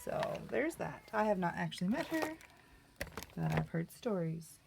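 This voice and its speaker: A middle-aged woman talks her way through a painting session at her craft table, chatty and teasing herself as she goes. Her mid-range voice carries a gravelly fry, with a faint hiss in the background. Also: fairly low pitch, big pitch swings, moderate pace. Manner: chatty, self-mocking, laughs easily. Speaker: art vlogger. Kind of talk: casual crafting tutorial chat.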